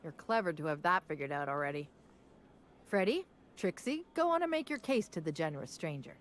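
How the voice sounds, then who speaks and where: A woman's voice: sits low, very animated, fairly quick. An actress voicing a stern, weary female tavern keeper in a video game, firm and motherly.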